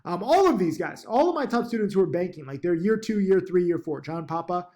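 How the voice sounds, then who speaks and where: Talking casually into his laptop mic, a man who teaches stock trading stumbles through ums and restarts while pushing upbeat encouragement. His high, slightly mellow voice moves briskly, with big swings in pitch.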